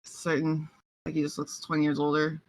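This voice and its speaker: A woman's voice: low-pitched, monotone, no echo, poor audio. A woman playing in a tabletop game, reacting and talking in character. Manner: reactive, drawn-out player talk. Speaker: player. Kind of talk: casual tabletop play.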